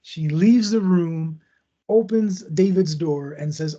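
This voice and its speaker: Speaking slowly, a podcast host relates a true crime tale in a casual, conversational style full of asides. The dull, lo-fi recording captures a voice that's fairly high for a man, yet dark, husky, and gravelly.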